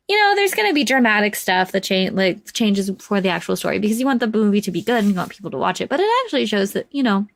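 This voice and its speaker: A woman giving a casual spoken movie review, rambling and chatty with many fillers, animated as she retells scenes. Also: mid-range voice, creaky, dry recording.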